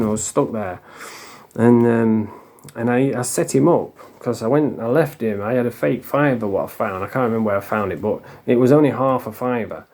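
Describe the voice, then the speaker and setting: A man's voice: medium pitch, a little mellow. Blunt, swearing man telling stories. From England. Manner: blunt, heavy swearing, rambling with restarts. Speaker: recovering addict sharing stories. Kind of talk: casual storytelling to camera.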